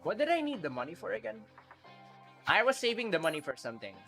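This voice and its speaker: A man live-streaming a video game, chatting casually with viewers, excitable and quick to laugh. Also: fairly high pitch, soft background music.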